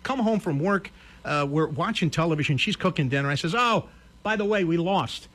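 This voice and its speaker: Brief: radio host, Connecticut man, high voice, lively storyteller doing both sides of a chat. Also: fairly quick. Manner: animated storyteller acting out both sides of a dialogue. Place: radio studio.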